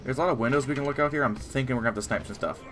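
A man's voice: medium pitch, very fast, background noise. A man hosting a game playthrough, chatting casually and bantering playfully with his co-player. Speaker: let's play host. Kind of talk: casual gameplay chat.

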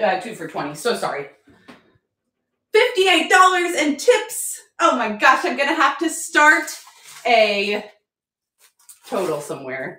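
Brief: upbeat woman hosting a live auction stream, animated higher voice, excitable and chatty, echoey home room. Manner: bubbly and excitable, apologetic, thanks viewers constantly.

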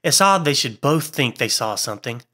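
A stout, blustering salesman who talks briskly and heartily, cutting others short, as a male narrator puts him on. The voice stays close to the storyteller's own, with a bright tone. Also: mid-range voice, lively intonation, pitched above the performer's own voice. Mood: brusque. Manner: brusque, hearty.

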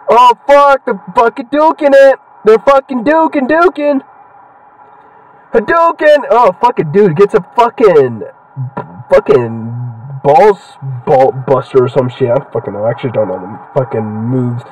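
Excitable young man heckling a game. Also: a little high, a little slow, recorded from a distance, poor audio. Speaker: gaming channel host. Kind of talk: casual gameplay commentary.

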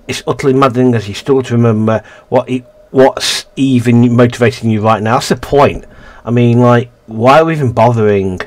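A man casually reading a narrative game's text aloud and commenting, often stumbling and correcting himself. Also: mid-range voice. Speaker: let's-play gamer.

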